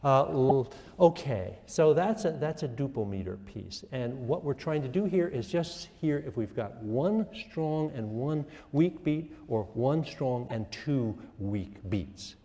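An older man lecturing a music class, lively and self-mocking, quizzing his students. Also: medium pitch, takes it slowly, hardly any pauses. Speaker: music professor. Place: lecture hall. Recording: echoey lecture hall.

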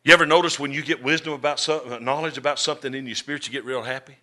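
A middle-aged man preaching a storytelling sermon, folksy and drawling, swinging between loud and soft. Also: medium pitch, steady tone, rapid-fire. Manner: folksy, drawling Southern-style delivery with dramatic swings in volume.

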